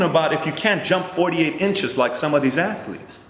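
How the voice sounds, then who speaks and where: Animated man telling a story in a roomy hall. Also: fairly high pitch, moderate pace. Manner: animated, acts out both sides of conversations. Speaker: host. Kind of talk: motivational storytelling. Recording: roomy hall with long reverb.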